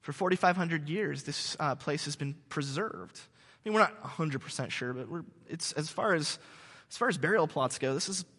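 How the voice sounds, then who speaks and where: A man preaching a sermon to his congregation, telling stories in an animated, joking way with many restarts. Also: a little high, moderate pace, breathy edge, big-room sound. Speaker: pastor. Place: church sanctuary.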